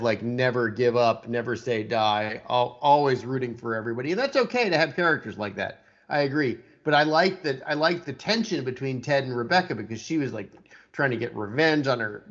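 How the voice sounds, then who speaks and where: Blunt opinionated man, muffled recording. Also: mid-range voice. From Texas, USA. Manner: opinionated, blunt, stammering restarts. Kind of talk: casual chat about television. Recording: dull lo-fi sound.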